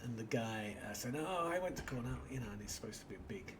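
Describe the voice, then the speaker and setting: A man's voice: mid-range voice, expressive, quick pace, background noise. A British man hosting a casual let's-play, rambling through an anecdote and muttering to himself as he plays. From Britain. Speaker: gaming channel host.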